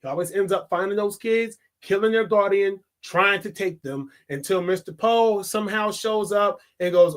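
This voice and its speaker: A man reviewing a movie in a casual, excitable vlog, swearing and laughing often. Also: high-pitched, moderate pace, hardly any pauses.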